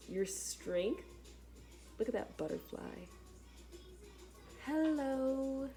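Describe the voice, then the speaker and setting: A woman with a lowish voice, a spiritual teacher, speaks straight to her audience in an animated spiritual talk, casual yet emphatic and dramatic.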